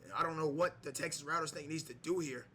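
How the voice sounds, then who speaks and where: Excitable man doing wrestling play-by-play on a game; high, bright voice. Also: quick pace, a little hiss or hum. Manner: excitable, shouts on big moves, many fillers. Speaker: gameplay commentator. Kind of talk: mock wrestling play-by-play over a video game.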